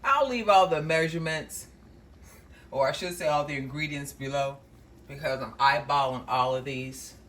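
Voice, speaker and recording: A woman's voice: deep voice, normal speed, a bit bright. A woman hosting a cooking show, talking viewers through a recipe in a homey, chatty way and calling them y'all. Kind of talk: casual cooking demonstration. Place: home kitchen.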